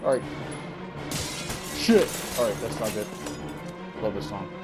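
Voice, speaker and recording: A young man casually commentating a video game playthrough, excitable, swearing and rambling. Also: fairly low pitch, brisk, loud music behind the voice, low-quality recording. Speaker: let's play gamer.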